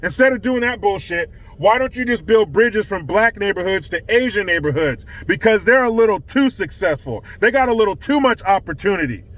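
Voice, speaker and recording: High-voiced man ranting sarcastically. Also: lively intonation, a little fast, few pauses, a bit bright. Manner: sarcastic, profane. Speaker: vlogger. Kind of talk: ranting commentary. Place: California.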